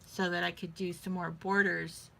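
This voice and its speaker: A woman's voice: fairly low pitch, little pitch movement, normal speed, gravelly, pushed and bright, a little hiss or hum. A woman vlogging in a casual, rambling way, thinking aloud as she shows her beadwork. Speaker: vlogger showing beading crafts. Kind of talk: casual chat.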